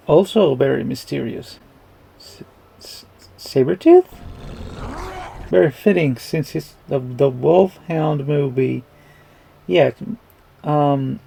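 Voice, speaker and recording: This is a man riffing through a movie reaction in casual, rambling commentary. His voice is gravelly and a little husky, with a mellow, dark tone. He chuckles along and swears without a second thought. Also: a little high, slow pace, pauses often, low-quality recording.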